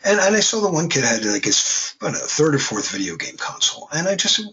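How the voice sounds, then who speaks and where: A man's voice: mid-range voice, big pitch swings, a little fast, gravelly, a bit bright, rough recording. A man teaching a class in a casual, conversational way, with joking asides. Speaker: instructor. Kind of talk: classroom lecture.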